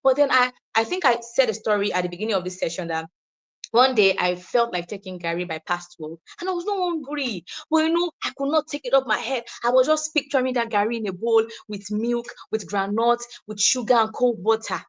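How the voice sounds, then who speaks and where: Lively Nigerian woman teaching a session. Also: a little high, brisk. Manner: animated, acts out quoted voices, laughs often. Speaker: wellness speaker. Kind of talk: informal teaching session with slides.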